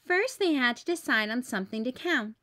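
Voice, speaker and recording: A woman teacher reading a children's storybook aloud, clear and expressive. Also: sits high, fairly quick.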